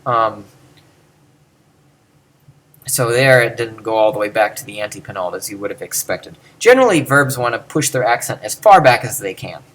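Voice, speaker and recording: A man's voice: fairly low pitch, expressive, normal speed, fairly bright tone. Chatty male teacher lecturing casually. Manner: chatty, self-correcting, chuckles at himself. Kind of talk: lecture on Greek accents.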